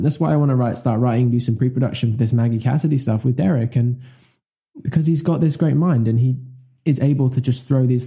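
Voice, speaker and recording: Very dark-voiced male podcast co-host. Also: mid-range voice. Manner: enthusiastic, rambling, self-correcting. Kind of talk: casual chat.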